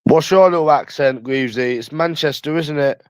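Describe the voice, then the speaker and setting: A man's voice: a little high, moderate pace, clear, resonant tone, no room sound, low-quality recording. A young man with a London accent chatting casually with viewers, teasing them by asking the same questions over and over.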